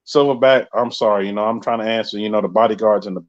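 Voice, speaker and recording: A man's voice: fairly low pitch, fairly even intonation, fast talker. Host: New York man, chatty and joking, reading comments live, dull lo-fi sound. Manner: chatty, joking, reads viewer comments aloud. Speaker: podcast host. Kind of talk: casual live-stream chat reading comments.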